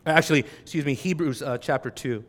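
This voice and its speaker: A middle-aged male preacher delivering an expository sermon, moving from quiet reflection to loud, emphatic exhortation. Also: on the high side, a little fast.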